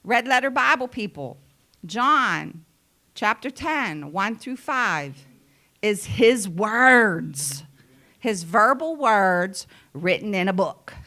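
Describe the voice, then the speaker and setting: A woman's voice: mid-range voice, big pitch swings, slow pace, sharp tone. A woman giving a sermon in an earnest, conversational way, stressing key phrases by repeating them. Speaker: preacher.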